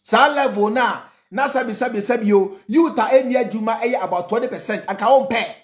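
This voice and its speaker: Ghanaian accent, political rant, repetitive and mocking, mid-pitched voice, echoey room. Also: normal speed. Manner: repetitive, rhetorical, mocking, switching between Twi and English. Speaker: political commentator. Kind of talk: impassioned political commentary. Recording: roomy echo.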